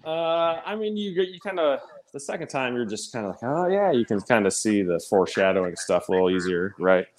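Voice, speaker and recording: A man's voice: lowish voice, brisk, few pauses. A man co-hosting a casual podcast, laid-back and full of "like" and "kinda". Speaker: podcast co-host.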